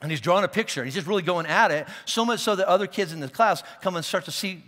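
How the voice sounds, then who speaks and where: A man's voice: high voice, fast talker, a bit bright, in a large hall. A man preaching a sermon as a pastor, talking conversationally and checking in with listeners, often restarting his words. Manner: repeats and restarts words as he thinks. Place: church auditorium.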